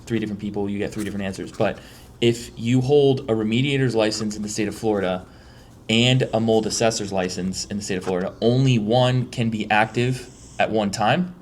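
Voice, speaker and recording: Host, male, low-pitched, emphatic and talky, faint noise behind. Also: brisk. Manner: emphatic, many restarts. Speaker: podcast host, mold remediator. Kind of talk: casual podcast conversation.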